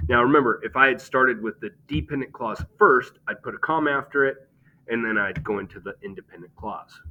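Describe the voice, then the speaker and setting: Bright-voiced male grammar teacher. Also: medium pitch, fairly quick, dull audio, a little hiss or hum. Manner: explains step by step, often checks in with "okay?". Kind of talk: grammar lesson.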